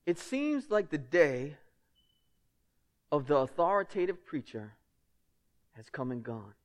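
A man delivers a sermon as pastor, his voice sitting a little higher than most men's. He talks to the congregation in a casual, personal way. He keeps pressing his points with emphatic rhetorical questions. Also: very animated, slow pace, long pauses, darkish tone.

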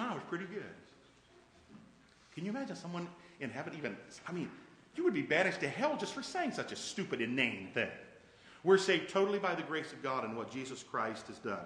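A man's voice: on the high side, pushed and bright, reverberant, long reverb tail, low-quality recording. A male pastor preaching a conversational sermon, often asking his congregation questions. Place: church sanctuary.

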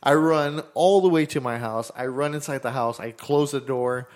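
A man's voice: medium pitch, normal speed. A young man casually telling a story, rambling, swearing freely and acting out the dialogue.

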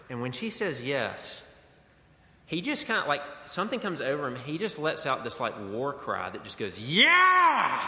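A man's voice: on the high side, pushed and bright, a little hiss or hum. A man preaching a sermon as pastor, earnest and conversational, in a church sanctuary. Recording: echoey hall with long reverb.

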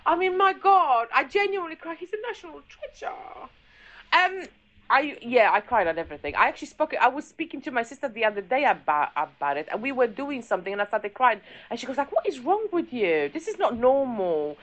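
A woman's voice: high-pitched, animated, a little fast, fairly bright tone, dull audio. A middle-aged woman, a podcast guest, chatting casually and telling stories with lots of laughter. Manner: chatty, giggly storyteller. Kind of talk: casual chat.

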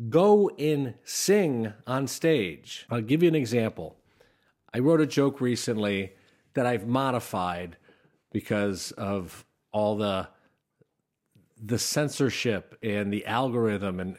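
A man coaching comedy writing in a conversational talk to camera, breaking into animated bursts and dry sarcastic asides when he demonstrates delivery. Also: medium pitch.

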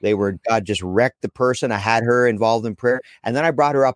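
A man's voice: medium pitch, steady tone, a little fast, no echo. A man speaking as a guest on a casual podcast, rambling and correcting himself with dry jokes. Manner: rambling, self-correcting, joking.

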